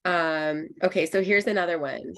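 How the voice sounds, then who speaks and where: A woman's voice: lowish voice, steady tone, normal speed, a bit bright. A woman psychologist giving an online workshop, explaining step by step in a friendly way with frequent ums. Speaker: clinical psychologist presenting a workshop.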